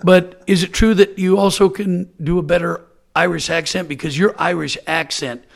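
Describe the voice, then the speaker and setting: Gravelly older man hosting a podcast. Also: high voice, steady tone, moderate pace. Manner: friendly, chatty storyteller. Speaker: podcast host. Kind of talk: casual podcast chat.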